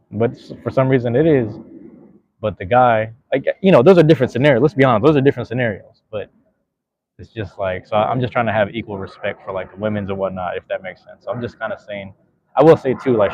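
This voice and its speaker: A man's voice: on the low side, fast, muffled recording. A man hosting a podcast in a casual, rambling way, full of slang. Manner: slangy, rambling, laid-back. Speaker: podcast host.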